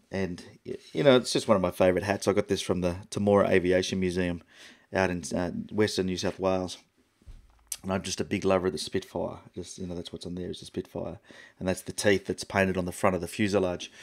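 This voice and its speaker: A middle-aged Australian man hosting a photography livestream, rambling and chatty with lots of fillers and restarts. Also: low-pitched. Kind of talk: casual live-stream chat.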